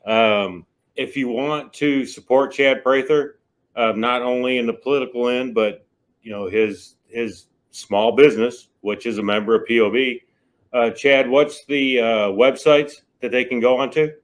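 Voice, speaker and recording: A man's voice: mid-range voice, steady tone, measured pace. A man hosting an interview, casually plugging his guest's business. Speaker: host. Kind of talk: interview host.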